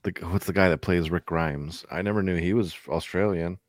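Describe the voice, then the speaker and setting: Male co-host, very low voice, quick eager remarks, dry sound. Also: fairly even intonation, no echo. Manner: short eager interjections. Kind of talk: casual chat about movies.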